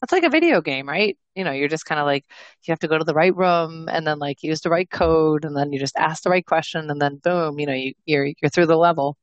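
A young woman with a low voice chats loosely as a podcast guest. She rambles, restarts her sentences and swears now and then. The sound is close and dry. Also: a little fast, no echo, muffled recording. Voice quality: rambling, many fillers and restarts, swears freely. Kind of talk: casual chat.

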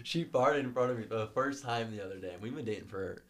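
Talking fast in a mid-range, somewhat bright voice, a young man co-hosts a studio podcast. His chat is casual and animated, full of laughter and free swearing.

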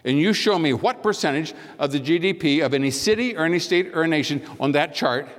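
A man's voice: on the high side, lively intonation. Older american guy giving a speech, tells little stories, long echo from a big hall. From United States. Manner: storytelling, acts out dialogue, measured pauses for emphasis. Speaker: speaker. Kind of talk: public speech.

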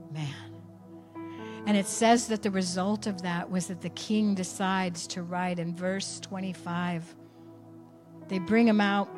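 A woman preaching a sermon, telling a story with animated swings from quiet asides to near shouts. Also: mid-range voice.

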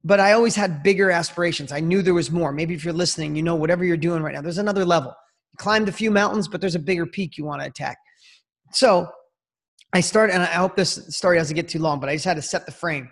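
A man in his fifties, a podcast guest, telling a personal story in an energetic, slangy way and talking straight to the host. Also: on the high side, fast talker. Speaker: interview guest. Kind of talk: casual storytelling.

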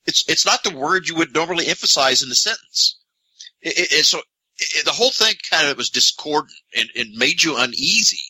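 A man's voice: a little high, animated, brisk, pushed and bright, breathy edge, low-quality recording. A man co-hosting a movie podcast, rambling and restarting as he thinks aloud. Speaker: podcast co-host. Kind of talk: casual podcast chat.

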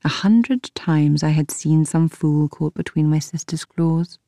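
A woman narrating a first-person audiobook in a measured, calm, literary manner. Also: deep voice, gravelly, no echo, studio quality.

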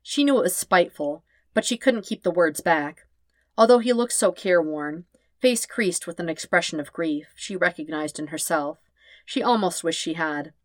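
Woman reading a story, calm and steady, lowish voice, dry close mic. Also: moderate pace, no echo. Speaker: podfic reader. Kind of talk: scripted narration.

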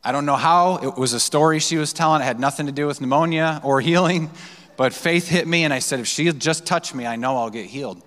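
A man's voice: a little high, fairly quick, fairly bright tone. A male pastor preaching a sermon, telling personal stories in a loose, conversational way with fillers and restarts. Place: church sanctuary. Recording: long church hall reverb.

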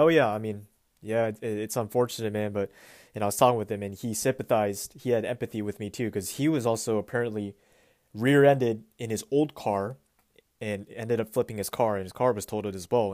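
Male solo podcaster, low-pitched, casual and meandering delivery, dry recording. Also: dry recording. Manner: relaxed, rambling, with frequent restarts and fillers. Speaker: podcast host. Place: Pacific Northwest US.

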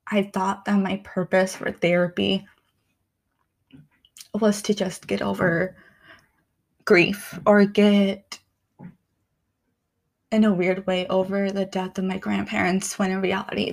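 Young woman, candid vlogger, unhurried delivery, emotional and soft-spoken. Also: medium pitch, vocal fry. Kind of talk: reflective personal vlog.

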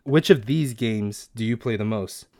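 A man's voice: on the low side, unhurried, warm tone, no echo, clean studio sound. A young man chatting casually and reading quiz options aloud, swearing now and then. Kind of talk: casual chat doing online quizzes.

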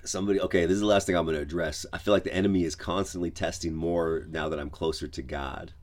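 A pastor talks through his faith in an easygoing podcast style, his voice sitting very low. He speaks in a loose, conversational way, padding his thoughts with "like" and "you know." The feel is of a man chatting rather than preaching from a pulpit. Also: fairly even intonation, quick pace, darkish tone. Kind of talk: casual devotional podcast talk.

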